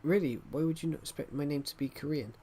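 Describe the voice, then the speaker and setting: A man's voice: fairly high pitch, fast, dark tone, slightly rough. A man chatting casually on a live stream, rambling and often restarting his sentences as he answers chat. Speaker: livestreamer reading chat.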